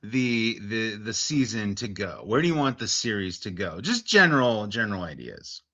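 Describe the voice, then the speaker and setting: A man co-hosting a podcast in casual chat, enthusiastic and quick to agree. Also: on the low side, sing-song, sharp tone, dull audio. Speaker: podcast co-host.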